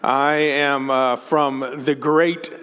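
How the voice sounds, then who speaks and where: A man's voice: medium pitch, steady tone, drawn-out words, fairly bright tone, clear, resonant tone. A man from Texas with a Southern accent, preaching a folksy, chatty sermon as a guest speaker. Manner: folksy and chatty, laughs often. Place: church sanctuary. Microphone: stage microphone. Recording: long hall reverb.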